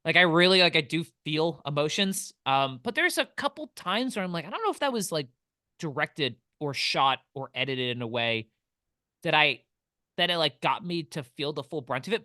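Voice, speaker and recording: A man co-hosting a film podcast, telling stories in an animated way and swearing freely. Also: a little high, no room sound, clean studio sound. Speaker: podcast co-host. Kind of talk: casual film podcast chat.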